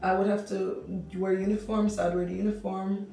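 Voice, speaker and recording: A young woman with a Jamaican accent, chatting through a makeup tutorial and telling stories in a lively way. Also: medium pitch, fairly quick, gravelly, heavy reverb, far from the mic, low-quality recording. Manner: chatty, animated storytelling. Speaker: makeup artist.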